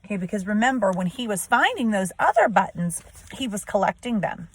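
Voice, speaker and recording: A woman's voice: mid-range voice, sing-song, fairly quick, slightly rough, no echo. A woman teacher reading a storybook aloud to children and explaining it, often asking questions and checking with "right?".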